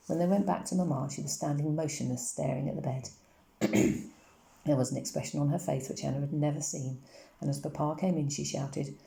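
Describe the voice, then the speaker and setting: Low, gravelly woman reading a novel. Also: brisk. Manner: steady, even storytelling. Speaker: audiobook reader. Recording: roomy echo.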